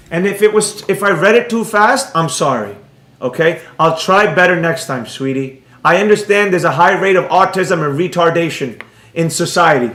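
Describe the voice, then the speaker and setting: A man voicing a doting mock mother who reads a bedtime story in a soft, hushed, cooing voice. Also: high voice, reverberant. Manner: soft, hushed, cooing, keeps saying sweetie.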